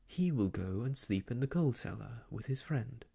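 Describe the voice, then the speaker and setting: A soft-spoken ASMR reader voicing a calm, brisk nanny who speaks in a cool, matter-of-fact way. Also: mid-range voice, gravelly, husky.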